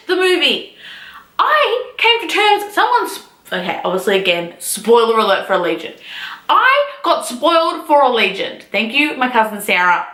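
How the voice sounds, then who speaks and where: A young woman ranting casually to camera as a book vlogger, animated and swearing freely. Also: a little high, roomy sound.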